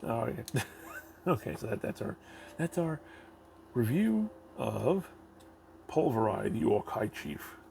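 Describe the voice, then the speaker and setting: A man with a gravelly, creaky voice chats through a toy review in a rambling, offhand way, cursing casually as he goes. A steady hiss of background noise sits under the recording. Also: mid-range voice, slow, pauses often, poor audio.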